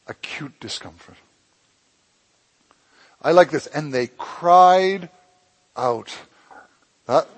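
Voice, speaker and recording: Male pastor, slightly higher voice with a husky edge, preaching with passion that rises loud and drops to a hush. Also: low-quality recording. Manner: impassioned preaching that swings between loud emphasis and hushed lines. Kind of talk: sermon.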